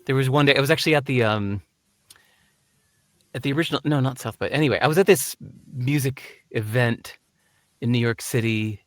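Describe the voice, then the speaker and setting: A man being interviewed who tells stories in an animated way and acts out the voices. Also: mid-range voice, brisk, long pauses, dry recording. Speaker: guest. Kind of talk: conversational interview, storytelling.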